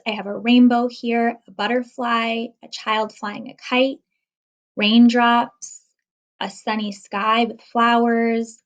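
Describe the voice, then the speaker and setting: A woman teacher talking children through a lesson, counting out syllables slowly and clearly. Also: a little high.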